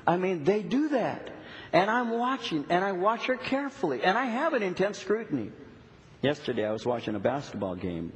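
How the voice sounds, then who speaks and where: Animated man preaching in a reverberant church. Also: sits high, moderate pace. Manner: animated storytelling, acts out dialogue. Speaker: pastor. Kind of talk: sermon. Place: church sanctuary. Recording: long hall reverb, faint noise.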